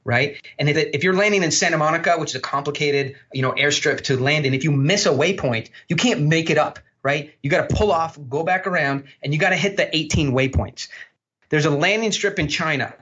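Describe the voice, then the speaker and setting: A man talking as a podcast guest, telling blunt, animated stories and swearing freely. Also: on the high side, brisk, lo-fi sound. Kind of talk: storytelling interview talk.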